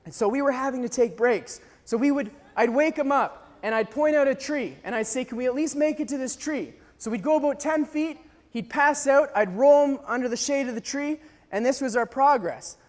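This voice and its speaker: A young man telling a dramatic story to an audience, acting out scenes with animated delivery. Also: very high voice, normal speed, hardly any pauses, long reverb tail. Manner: animated, acts out scenes, sometimes shouts. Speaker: speaker telling a mission story.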